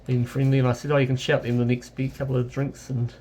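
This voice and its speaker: A man from New Zealand, working as a travel vlogger, speaks in a mid-range, warm voice with a flat delivery and quick pace, his New Zealand accent clear. He rambles through a casual travel anecdote, correcting himself often and using many fillers. There is slight background noise.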